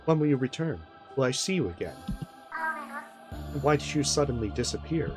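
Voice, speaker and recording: A woman's voice: rumbling low, animated, moderate pace, over music. A woman streamer reading the lines of a lonely wife who still waits for her vanished husband, with pleading questions.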